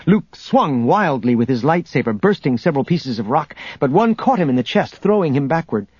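Husky man narrating an audiobook. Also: on the high side, sing-song, fairly quick, darkish tone, no echo, dull audio. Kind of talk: scripted narration.

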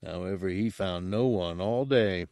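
A man reads a story aloud at an even, measured pace. His voice sits on the low side. The recording is dry and close, with no room sound. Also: no room sound. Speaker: audiobook narrator. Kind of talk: scripted story narration.

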